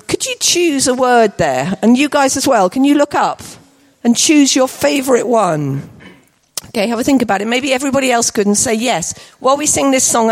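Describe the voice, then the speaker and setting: A woman leading a church children's song session, cheerfully encouraging the kids with constant praise. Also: a little high. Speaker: children's worship leader.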